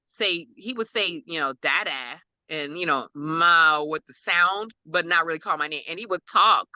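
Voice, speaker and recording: A woman's voice: deep voice, moderate pace, sharp tone, no room sound, muffled recording. A woman telling an emotional personal story as a guest parent, acting out quotes and laughing often. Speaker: guest, parent of an autistic son.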